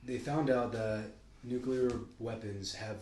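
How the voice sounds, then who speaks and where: A man's voice: mid-range voice, steady tone, unhurried, a little mellow, a little hiss or hum. Rambling man on a roomy podcast. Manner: rambling, swearing, jumps between ideas. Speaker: podcast co-host. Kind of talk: casual podcast chat. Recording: roomy echo.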